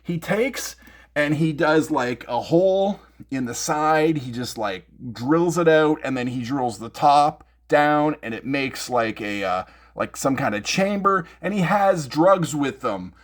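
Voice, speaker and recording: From his home music room, a middle-aged man hosts a music gear news show, chatting casually with a fairly high, expressive voice at a slightly slow pace. He's rambling and jokey, with lots of fillers and restarts.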